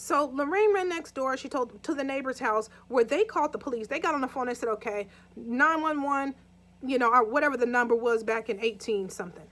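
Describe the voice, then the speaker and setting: A young woman with a high voice tells a true crime story in a loose, chatty way. She keeps checking in with her listeners and acts out the scenes as she goes. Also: expressive, fast talker, hardly any pauses, a bit bright.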